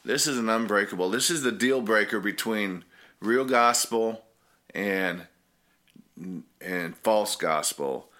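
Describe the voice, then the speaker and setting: Male preacher, informal Bible teaching, bright voice, earnest, restarts often. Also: fairly low pitch, slow. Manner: earnest, rambling with many restarts.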